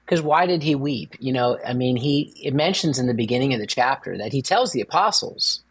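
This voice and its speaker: Animated, brisk and slightly rough, this priest co-hosting a faith podcast keeps the chat casual. He plays around with jokes, breaking into sudden high-pitched asides.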